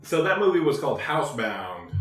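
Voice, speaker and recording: A man co-hosts a podcast in loose, joking chat. He is crude and swears constantly. His voice is mid-pitched and has a roomy, echoing sound. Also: big pitch swings, brisk, faint music behind. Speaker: podcast co-host. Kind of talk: casual chat. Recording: roomy echo.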